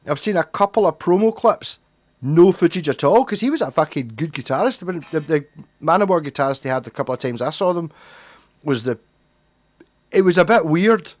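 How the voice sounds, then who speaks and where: A man's voice: high-pitched, dry recording. A middle-aged man, hosting a livestream and chatting loosely with viewers, rambling and swearing freely. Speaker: livestream host. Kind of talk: casual livestream chat.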